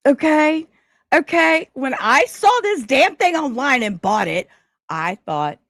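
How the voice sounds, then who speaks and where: Woman streamer, scattered chatty delivery, very up-and-down pitch, dry close sound. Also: animated, slow, long pauses, a bit bright, dry recording. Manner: rambling, scattered, swears casually. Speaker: livestream host. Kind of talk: casual livestream chat.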